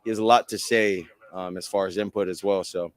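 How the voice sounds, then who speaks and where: A low-voiced male quarterback in a press conference clip, his voice smooth and recorded dry. He answers in a relaxed way, pausing often on ums. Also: no echo. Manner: relaxed, hesitant, many ums.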